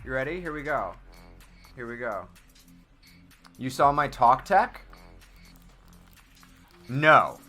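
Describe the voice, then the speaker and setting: A man hosting a live-stream clip tournament in casual chat, excitable and rambling with lots of fillers. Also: mid-range voice, slow pace, pauses often, soft background music.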